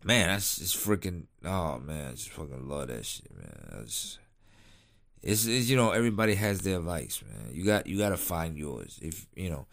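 A man with a very low, deep voice rambles casually about his cigar habits, circling back with fillers and restarts. He sounds tired and unhurried, like it is late at night. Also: big pitch swings, creaky, fairly bright tone. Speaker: cigar vlogger.

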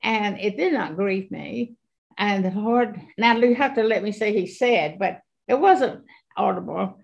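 A woman in her eighties giving an earnest faith testimony, halting often and repeating her words. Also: medium pitch, vocal fry, lo-fi sound. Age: 80s. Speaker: guest.

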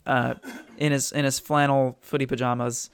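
A man's voice: medium pitch, little pitch movement, normal speed, clear, resonant tone, dry recording. A man narrating a tabletop game as game master, loose and hesitant, with lots of fillers.

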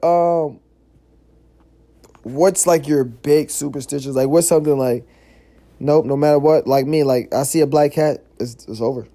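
A man hosting a casual solo podcast, telling stories in an animated, slangy way, cursing freely and filling his talk with "yo" and "like". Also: on the high side. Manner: animated, slangy storytelling with frequent "yo" and "like"; curses freely. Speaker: podcast host.

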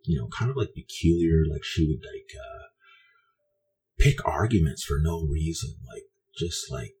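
A man's voice: rumbling low, very animated, unhurried, dark tone, slight background noise. A man from Canada telling a personal story in a meandering, conversational way, often restarting his sentences.

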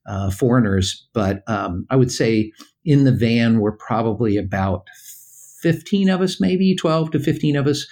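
Older American male guest, halting storyteller who acts out voices, casual interview. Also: medium pitch, animated, darkish tone. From United States.

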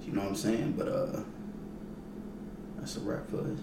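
A laid-back man co-hosting a casual podcast, trading slangy banter and laughing often. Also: moderate pace. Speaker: podcast co-host. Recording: echoey room with faint noise.

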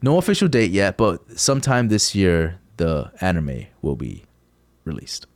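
A man's voice: deep voice, a little slow, no room sound, clean studio sound. A young man co-hosting a casual chat, joking around and reading out news items. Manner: relaxed, joking, reads news items aloud. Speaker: podcast co-host.

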